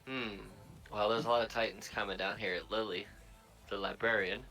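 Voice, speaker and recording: A man's voice: lowish voice, fairly even intonation, normal speed, pushed and bright, soft background music, rough recording. A man playing a tabletop game, thinking aloud as he plans his moves. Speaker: player. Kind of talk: casual tabletop play.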